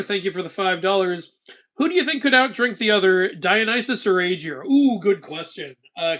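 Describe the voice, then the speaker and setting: Bright, high-voiced man laughing through a live Q&A. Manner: animated, laughs often, casual swearing. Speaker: host answering chat questions. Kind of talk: casual live-stream Q&A.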